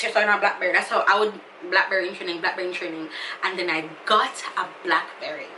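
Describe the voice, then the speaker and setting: A woman's voice: medium pitch, pushed and bright, far from the mic, a little hiss or hum. A woman with a Jamaican accent talking to her viewers in a casual, emotional, effusive vlog. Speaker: YouTuber. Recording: echoey room, somewhat off-mic.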